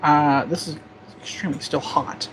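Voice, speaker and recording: A man's voice: a little high, steady tone, normal speed. A young man hosting a casual vlog, joking and chatting while he eats, with a faint hum in the background. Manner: laid-back, jokey, talks while eating. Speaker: gun channel host. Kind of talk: casual cooking vlog chat.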